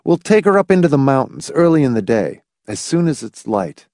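A man playing a steady, determined man in an audiobook, low, quiet and resolute. His delivery moves between flat stretches and lively turns, recorded dry and close. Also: fairly quick, no echo.

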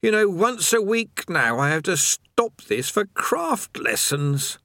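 A man's voice: high-pitched, sing-song, pushed and bright, dry recording, clean studio sound, voice pushed up, heavily acted. A man voicing a haggard, weary chained prisoner condemned to eternal labour in an audiobook. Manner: slow, haggard, complaining.

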